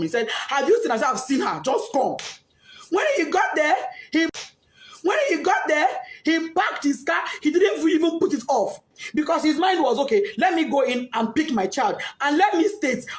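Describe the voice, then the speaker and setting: Distraught Nigerian woman, high and tearful. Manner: pleading, repeating herself with rising outbursts. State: crying, distraught. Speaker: grieving mother. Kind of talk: emotional testimony.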